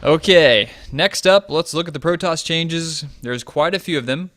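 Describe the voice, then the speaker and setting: A man talks through game changes in a loose, chatty way, pausing with fillers as he thinks aloud. His voice is bright and forward. The sound is dry and close, with no room around it. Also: a little high, no echo. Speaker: gaming video host. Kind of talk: casual game commentary.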